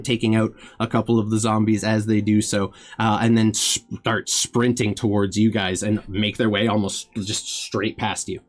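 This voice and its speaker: A man narrating a tabletop game as game master, describing scenes with frequent fillers. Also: fairly low pitch.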